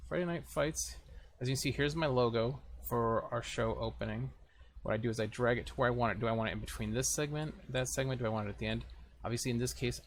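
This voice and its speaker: A man's voice: medium pitch, creaky, slight background noise. A man casually talking through a screen-recorded editing tutorial, thinking aloud as he clicks around. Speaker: video tutorial host.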